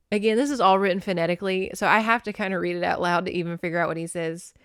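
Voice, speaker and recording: A woman hosting a casual book-recap podcast, animated and joking, with quick asides and swearing. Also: lowish voice, clear, resonant tone, dry recording, clean studio sound. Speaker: podcast host.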